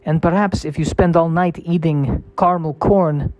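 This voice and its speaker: A man putting on a thick Russian accent to voice a gloomy, doom-saying man who speaks slowly and ominously. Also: fairly high pitch, dry recording, lo-fi sound, voice pushed up, natural voice. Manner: slow, ominous, deadpan foreboding.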